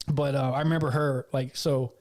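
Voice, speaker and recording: A man's voice: medium pitch, level tone, moderate pace, a little mellow. A man from the American South with a Southern accent, co-hosting a podcast in rambling casual chat and swearing now and then. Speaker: podcast co-host.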